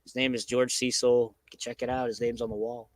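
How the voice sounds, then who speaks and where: A man's voice: medium pitch, flat delivery, a little fast, rough recording. A man hosting a casual chat, rambling and profane in laid-back banter. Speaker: host.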